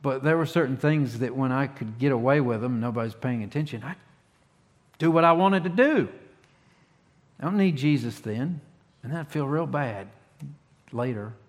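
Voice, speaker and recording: A pastor with a medium-pitched voice preaches at a moderate pace, his voice carrying a big-room sound. His sermon is conversational, folksy, and plainspoken, with frequent restarts and animated punches on key words.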